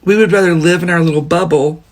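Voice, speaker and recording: Guy talking real slow and deliberate, kinda gravelly and husky, higher pitched. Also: fairly even intonation. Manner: slow, deliberate, speaking in measured phrases. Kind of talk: earnest social commentary.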